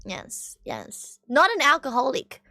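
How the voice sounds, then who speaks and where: Young Australian woman streamer, bright voice, chatty and rambling, dry close sound. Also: high voice, wildly swooping pitch, a little slow, no echo. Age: young adult. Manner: chatty and rambling, laughs often. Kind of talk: casual chat, reacting to clips.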